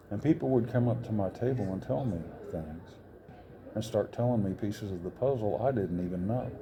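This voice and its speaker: A man's voice: fairly low pitch, noisy background. A man in his sixties, an interview guest, telling a personal story in an earnest, rambling way with frequent self-corrections. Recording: crowd chatter behind.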